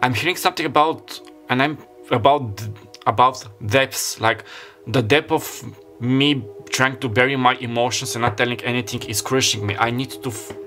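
A man doing a casual tarot card reading to camera. He talks in a halting way, with many fillers and self-corrections. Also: mid-range voice, pushed and bright, soft background music. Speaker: tarot reader. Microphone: camera mic.

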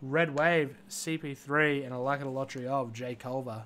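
A man's voice: medium pitch, flat delivery, normal speed, fairly bright tone. A man hosting a live card-breaking stream, listing player names one after another and dropping joking asides.

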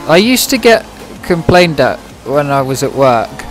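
A man's voice: fairly high pitch, sing-song, unhurried. Dry, sarcastic-sounding British man. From Britain. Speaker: game streamer. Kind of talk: casual livestream chat. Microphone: microphone close in front of the mouth. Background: music playing.

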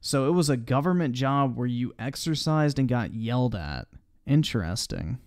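A man's voice: mid-range voice, expressive, normal speed, darkish tone, dry recording, clean studio sound. A man commenting on a video during a live stream, mocking it sarcastically with heavy swearing and reading viewer chat aloud.

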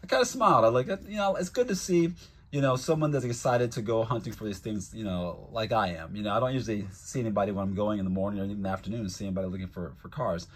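A man's voice: fairly low pitch, rapid-fire, hardly any pauses. A man vlogging as a toy collector, telling a casual, rambling story with lots of fillers.

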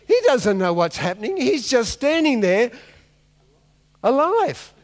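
This pastor's voice is very high-pitched and sing-song, moving a little slowly. Preaching in a large church hall whose long reverb fills the recording, he tells a Bible story with comic flair, playing each character.

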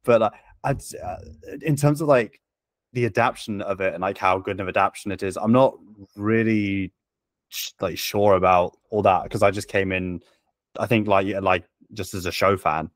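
A man guesting on a podcast, wandering through his thoughts with lots of hesitations and restarts. His voice is on the low side and recorded dry and close, with no room sound around it. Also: steady tone, moderate pace, no echo. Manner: rambling, hesitant, many likes and restarts. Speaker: podcast guest, video essayist. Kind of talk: casual podcast chat.

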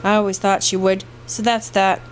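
A woman voicing a stern, tired farmer father with a gruff manner. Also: medium pitch, flat delivery, normal speed, a little hiss or hum, close to an everyday voice.

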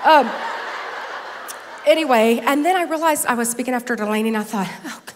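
A woman in her fifties with a high voice tells funny stories about herself from a conference stage, chatty and close to tears. Her voice carries a long reverb from the large hall. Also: fast, background noise. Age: 50s. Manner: chatty, self-deprecating, teary. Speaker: conference speaker. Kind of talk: conference talk with humorous stories.

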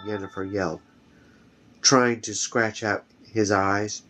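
A man's voice: lowish voice, steady tone, a bit bright. A man reading a fantasy novel aloud, carefully, often restarting a phrase. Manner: slow, careful, with frequent restarts. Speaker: reader.

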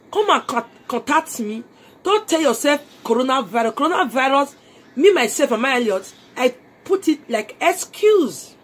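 A Nigerian woman in a live phone video from her home, urging viewers to join her business in a mix of Pidgin and English. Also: high voice. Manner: urgent persuasive appeals, mixing Pidgin and English. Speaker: network marketing seller. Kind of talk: live video sales pitch.

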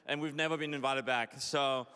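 A man's voice: medium pitch, moderate pace, smooth. Chatty male pastor in an echoey hall. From Denmark. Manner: casual, chatty, excitable, many fillers and restarts. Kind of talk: sermon with prayer and storytelling. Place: church hall.

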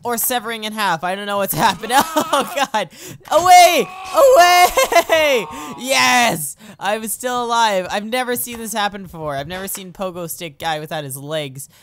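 Giggly, excitable young woman gamer. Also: medium pitch, brisk, few pauses, a little hiss or hum. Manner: excitable, giggly, yelps and shouts at the game. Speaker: let's play host. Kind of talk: game commentary.

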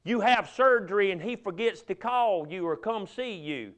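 Man preaching a revival in a church, high-pitched and ringing, alternating loud emphasis and soft drawn-out appeals. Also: expressive. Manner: swings from loud emphatic bursts to hushed, drawn-out pleading. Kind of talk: fervent revival sermon. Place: church sanctuary.

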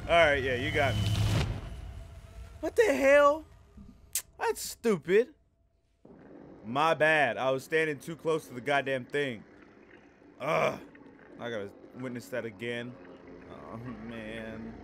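A man's voice: mid-range voice, a little slow, bright, forceful tone, slight background noise. A man commenting on a horror game as he plays, jittery and profane, swinging from muttering to yelping in fright. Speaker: gameplay commentator. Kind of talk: let's play commentary.

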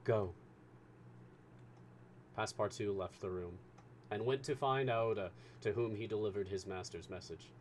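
A male storyteller with a fairly low voice reads a classic novel aloud live, in a measured and expressive way. Faint hiss sits under his voice.

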